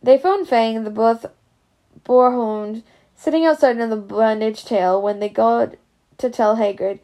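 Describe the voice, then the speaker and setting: A woman's voice: on the high side, unhurried, mellow. Woman reading a storybook. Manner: casual, unpolished reading. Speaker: reader. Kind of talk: storybook read-aloud.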